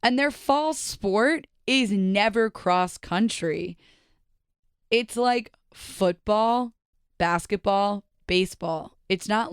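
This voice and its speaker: A woman's voice: mid-range voice, clear, resonant tone, no echo, clean studio sound. A young woman from New Jersey, hosting a casual solo podcast and chatting animatedly, with lots of "like" asides. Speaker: podcast host.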